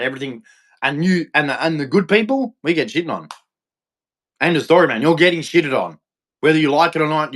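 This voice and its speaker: A man rants furiously into a live stream, his voice sitting unusually high for a man. He swears constantly and keeps circling back to the same accusations with blunt, hammering repetition. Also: a bit bright. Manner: angry, profane, repetitive ranting.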